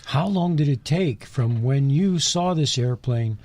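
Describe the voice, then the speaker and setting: A man's voice: mid-range voice, expressive, measured pace, a little mellow, dry recording. A man co-hosting a live aviation radio show, chatty and enthusiastic as he introduces a guest. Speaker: radio co-host.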